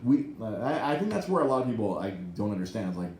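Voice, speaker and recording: A man co-hosting a podcast in casual chat, excitable and swearing freely, with many restarts. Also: fairly low pitch, fast, reverberant. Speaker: podcast co-host. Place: podcast studio.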